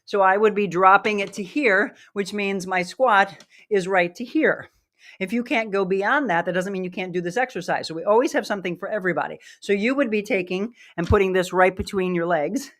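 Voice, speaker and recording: A woman's voice: medium pitch, a little fast, a bit bright. Middle-aged female fitness instructor, winded while demoing exercises, upbeat coaching delivery. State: out of breath. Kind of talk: live workout demonstration.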